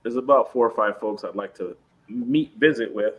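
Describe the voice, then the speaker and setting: A man's voice: medium pitch, normal speed, muffled recording. A man co-hosting a podcast in casual, laid-back chat, rambling and joking. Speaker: podcast co-host.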